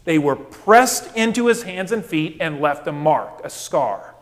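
A man's voice: a little high, lively intonation, unhurried, long reverb tail. A male pastor preaching a sermon, emphatic and full of rhetorical questions.

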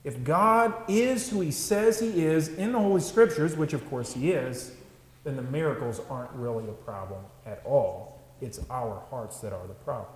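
A man's voice: mid-range voice, moderate pace, slight background noise. A man, a pastor, preaching a conversational sermon with frequent asides to the congregation. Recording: echoey church with long reverb.

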